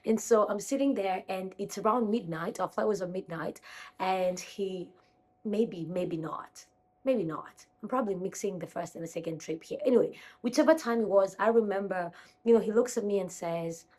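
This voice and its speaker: A woman's voice: mid-range voice, moderate pace, darkish tone. A young woman from Kenya chatting casually into her phone camera at home, rambling and correcting herself as she talks to her viewers. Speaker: vlogger.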